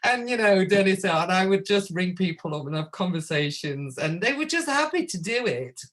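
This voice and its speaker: A woman from the UK, a guest astrologer in an interview, telling lively stories and acting out the phone calls she describes. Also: lowish voice, normal speed. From United Kingdom. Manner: lively anecdote-teller who acts out quoted phone calls and laughs often. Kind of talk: casual interview storytelling.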